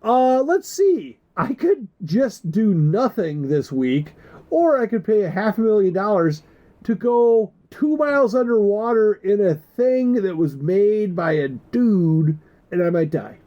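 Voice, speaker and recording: A man's voice: sits high, lively intonation, measured pace, dull audio. A man co-hosting a podcast in casual chat, joking and teasing and swearing freely. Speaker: podcast co-host.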